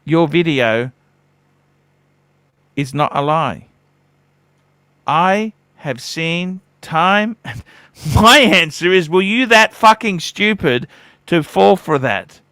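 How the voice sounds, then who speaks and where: A man's voice: on the high side, lively intonation, slow pace, long pauses, bright, forceful tone, no echo. A man hosting a casual livestream chat, talking bluntly and swearing freely. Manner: blunt, swearing, mimics others in quotes. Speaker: livestream host.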